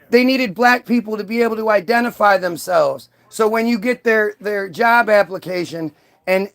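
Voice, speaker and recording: A man's voice: high voice, a bit bright. A man hosting a profane, rambling rant monologue, full of restarts and swearing. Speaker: host.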